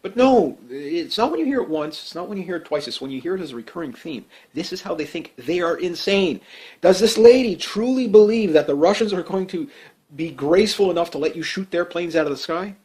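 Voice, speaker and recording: A man's voice: high-pitched, lively intonation, brisk, darkish tone. A man giving off-the-cuff political commentary, blunt and emphatic, rambling with many fillers and restarts.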